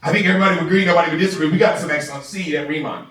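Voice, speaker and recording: A man giving an energetic, excitable motivational training talk to a live audience in a large room, laughing often and asking "right?" a lot. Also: a little high, racing. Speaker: sales trainer. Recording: echoey room, voice from far off.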